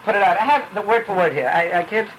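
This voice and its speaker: A man with leads an informal Torah class, rambling animatedly from one parable to the next. His fairly high voice swings widely in pitch as he rushes along. A faint hiss of background noise sits under the talk. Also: poor audio. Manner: animated, rambling, mixes in Yiddish phrases. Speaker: rabbi teaching a class.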